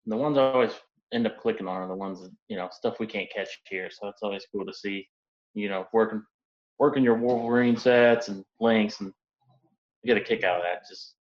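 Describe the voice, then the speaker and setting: Low-voiced man on a muffled line. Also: steady tone, brisk. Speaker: podcast host. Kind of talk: casual podcast chat.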